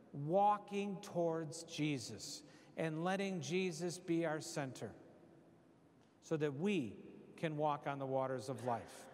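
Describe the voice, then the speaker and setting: A middle-aged man giving a parish retreat sermon, telling a story with lively humor. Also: sits high. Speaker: retreat preacher. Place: church. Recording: echoey church hall.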